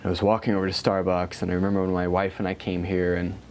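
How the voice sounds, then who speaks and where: A man who works as a health practitioner tells a story to a small group in a conversational way, acting out the dialogue and adding asides to his listeners. His voice is low-pitched and a little mellow, with a quick pace and flat delivery.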